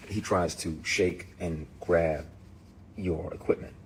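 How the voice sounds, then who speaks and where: Man, very low voice, intense straight-to-camera rant, salty and emphatic. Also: steady tone, takes it slowly, a little hiss or hum. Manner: emphatic, profane, heated storytelling. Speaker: actor. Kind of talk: impassioned direct-to-camera rant.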